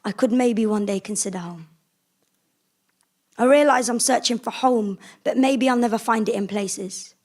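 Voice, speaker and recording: A woman's voice: on the high side, darkish tone. Woman performing spoken word poetry. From England. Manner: rhythmic, emphatic poetic delivery. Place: conference room before an audience.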